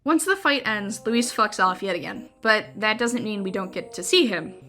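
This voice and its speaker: A woman's voice: medium pitch, expressive, normal speed, pushed and bright, faint music behind. A young woman narrating a scripted video essay in a wry, conversational way with dry jokes.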